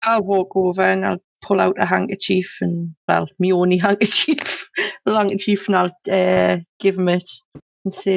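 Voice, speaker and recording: Gravelly, flat-toned player, halting delivery, slightly muffled lo-fi sound. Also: medium pitch, no room sound. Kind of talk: casual tabletop game chat.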